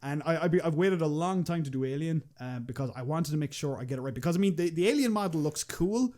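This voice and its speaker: A young man with an Irish accent talks quickly in a loose podcast chat. He rambles, restarts his sentences and swears casually. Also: fairly high pitch, expressive, a little mellow. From Ireland. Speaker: podcast guest, machinima creator.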